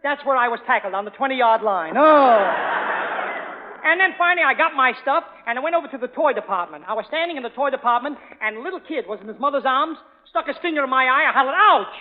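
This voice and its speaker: High-voiced man cracking jokes on 1930s radio. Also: animated, slight background noise. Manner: brisk, punchy joke delivery with exclamations. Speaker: host. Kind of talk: comic monologue and banter on a variety show. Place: theater stage before a live audience. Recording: muffled, echoey 1930s radio broadcast with audience.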